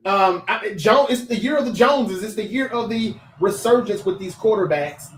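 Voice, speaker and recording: Animated high-voiced man talking sports. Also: moderate pace, reverberant, distant mic, rough recording. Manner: animated, chatty, reads viewer comments aloud and addresses chat directly. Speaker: host of a sports talk livestream. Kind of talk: casual livestream sports talk.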